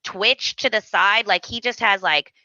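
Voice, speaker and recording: Woman host, lively storyteller, bright tone, slightly lo-fi. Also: medium pitch, measured pace, no echo. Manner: animated storytelling, acting out characters' lines. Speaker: podcast host. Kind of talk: casual recap chat.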